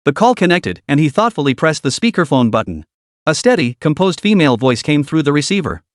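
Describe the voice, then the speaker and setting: A male narrator tells a comic drama with expressive, dramatic storytelling. His pitch moves animatedly and sits a bit high. The voice is close and dry, with no room sound. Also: a little fast, dry recording. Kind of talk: scripted narration.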